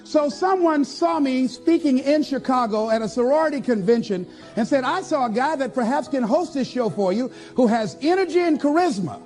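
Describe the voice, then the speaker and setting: Very high-pitched, fiery motivational speaker man. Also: animated, moderate pace, few pauses, darkish tone, faint music behind. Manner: fiery, repetitive exhortations to the audience. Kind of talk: live motivational speech.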